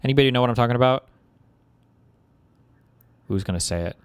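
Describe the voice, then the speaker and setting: A man's voice: mid-range voice, fairly quick, clean tone, dry recording. A man streamer giving rambling live reaction commentary with crude asides.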